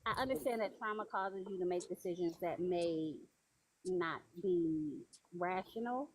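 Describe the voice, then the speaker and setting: A woman's voice: lowish voice, unhurried, slightly rough, low-quality recording. A woman co-hosting a live stream, speaking bluntly and matter-of-factly. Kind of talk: casual stream chat.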